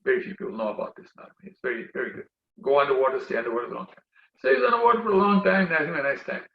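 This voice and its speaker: A man giving a religious talk, telling a story in an animated, chatty way with many fillers. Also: medium pitch, racing, vocal fry. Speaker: devotional speaker. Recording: roomy, dull recording.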